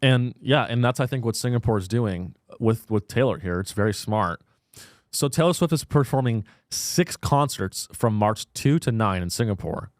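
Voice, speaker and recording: A man's voice: mid-range voice, lively intonation, moderate pace, no echo, studio quality. A man hosting a comedy podcast, talking in casual, irreverent banter with a sarcastic, crude edge. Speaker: podcast host.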